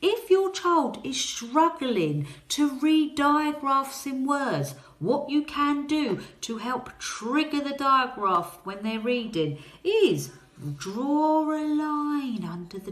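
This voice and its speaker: A woman teaching a phonics lesson to young children, talking in a slow, encouraging way and coaxing them to answer. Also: on the high side, fairly bright tone, echoey room.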